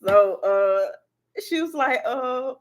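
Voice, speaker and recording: Woman host, high-pitched voice, loose and profane, chatting to her followers like friends. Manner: animated, swearing, quick laughter. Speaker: spiritual reader and channel host. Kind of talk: casual storytelling to viewers.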